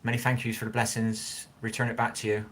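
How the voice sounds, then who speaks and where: A man's voice: mid-range voice, monotone, quick pace, fairly bright tone. A middle-aged man chats casually on a livestream, reading out viewers' comments and offering homespun advice. He stumbles over unfamiliar names. His voice sits in a middle range, and faint noise runs under the recording. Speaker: livestream host.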